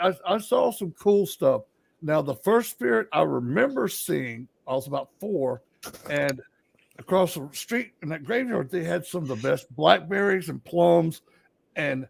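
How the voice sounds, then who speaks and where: A middle-aged man from Alabama with a Southern accent co-hosts a casual storytelling chat, telling ghost stories in a folksy, rambling way. His voice is on the high side, gravelly and slightly rough, with no echo.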